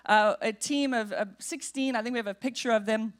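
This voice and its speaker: A woman pastor preaching in a church, telling a personal story in an animated, humorous way. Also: fairly high pitch, brisk. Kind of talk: storytelling sermon. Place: church sanctuary.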